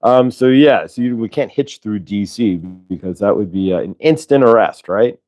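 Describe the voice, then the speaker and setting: A man's voice: on the low side, moderate pace, darkish tone. A man hosting a casual livestream, rambling and tagging on "right?" as he talks. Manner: rambling, keeps adding "right?". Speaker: livestream host.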